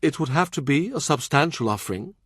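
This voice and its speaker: A smooth, mercenary friar, polite and businesslike, his voice a little raised, as a male narrator plays him. Dry, close audiobook sound. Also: fairly high pitch, lively intonation, a little fast, a bit bright, no echo, pitched above the performer's own voice.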